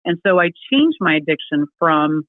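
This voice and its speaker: A middle-aged woman telling her own story as an interview guest, lively and quick to act out the voices of the people she quotes. Her voice comes through a thin, phone-like line. The sound is dry and close. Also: low-pitched, dry recording. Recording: tinny phone-like remote call, dry.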